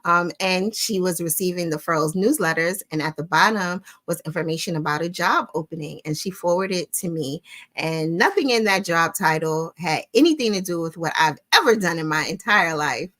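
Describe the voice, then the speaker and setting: A woman's voice: lowish voice, normal speed. A middle-aged woman hosting a weekly live stream, telling stories in a casual chat and talking straight to her viewers. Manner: animated storytelling, warm address to viewers ("y'all"). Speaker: host of a weekly crochet livestream.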